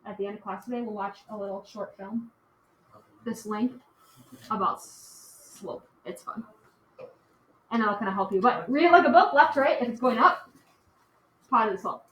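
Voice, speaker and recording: In an echoey classroom with faint noise, a woman delivers a lecture in a medium-pitched, slightly bright voice. She speaks at normal speed but leaves long pauses, keeping things chatty and casual with frequent "like" and "okay."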